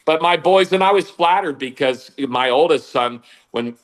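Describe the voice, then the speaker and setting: A man's voice: a little high, moderate pace. A middle-aged man, a guest, reminiscing about family in an easygoing casual chat.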